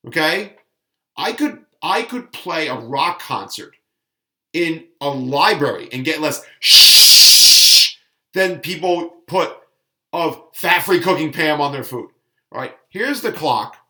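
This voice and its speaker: A man's voice: a little high, sharp tone. A middle-aged man ranting sarcastically in a casual home cooking vlog. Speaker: fitness vlogger. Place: home kitchen.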